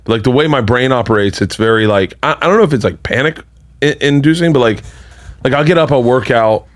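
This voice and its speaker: A man in his forties, a podcast co-host, telling stories in casual chat and laughing often. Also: quick pace. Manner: animated storyteller, laughs a lot, pitch jumps high when excited.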